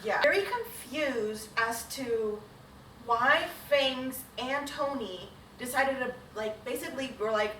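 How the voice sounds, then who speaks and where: A woman's voice: high-pitched, takes it slowly, pushed and bright, roomy sound, distant mic, a little hiss or hum, poor audio. A woman co-hosting a casual podcast recap, laughing often and swearing freely. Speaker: podcast co-host.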